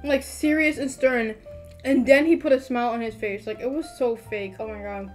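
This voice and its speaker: A teenage girl co-hosting a podcast, telling an embarrassing story in animated casual chat, full of "like". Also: a little high, moderate pace, faint music behind. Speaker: podcast co-host.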